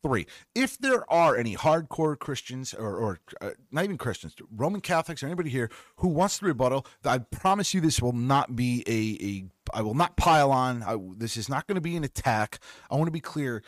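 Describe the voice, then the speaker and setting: Alone on his podcast, a middle-aged man rants through live listener comments, sarcastic, swearing and fired up. He speaks fairly quickly in a mid-range voice with lively intonation and hardly any pauses, captured dry and at studio quality.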